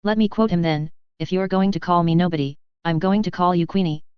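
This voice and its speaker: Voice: mid-range voice, brisk, clean tone, dry recording, muffled recording, close to an everyday voice. A storybook narrator voicing a cocky male spirit who possesses a cat, speaking in a put-on TV British accent with a sardonic, grumbling manner. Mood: teasing.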